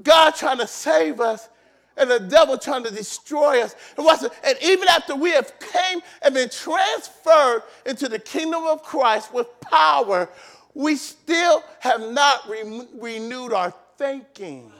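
A male pastor with an unusually high voice delivers a sermon in a church, shouting and hammering his points with repeated phrases. His tone is gravelly and he takes his time, drawing words out slowly. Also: animated. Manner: shouting, emphatic preaching with repetitions.

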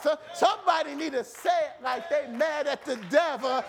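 A man preaching a fervent sermon in a church, shouting and repeating phrases. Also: very high voice, brisk, few pauses, a crowd in the background, background noise.

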